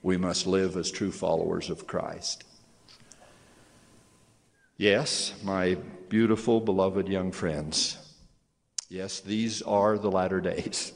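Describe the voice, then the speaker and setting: An older man giving a sermon as a church leader, speaking slowly with solemn, emphatic testimony. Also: deep voice. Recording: long hall reverb.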